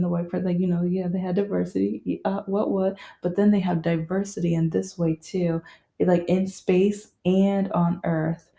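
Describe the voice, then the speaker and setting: A vlogger reviews a film she loved in a casual monologue, rambling with plenty of fillers and restarts. Her fairly low voice is warm with vocal fry, and the recording is reverberant.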